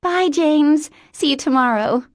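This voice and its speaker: A female narrator puts on a bubbly, wide-eyed young woman with a childlike, eager way of talking, her pitch leaping up and down in a lively sing-song. The sound is dry and close, like an audiobook booth. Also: measured pace, no room sound. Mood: affectionate. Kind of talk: audiobook character voice.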